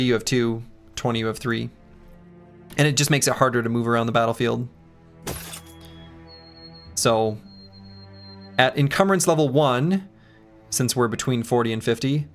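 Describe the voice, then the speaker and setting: A man streaming a game, chatting casually in a joking, rambling and self-mocking way. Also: medium pitch. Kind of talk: casual gameplay commentary and chat.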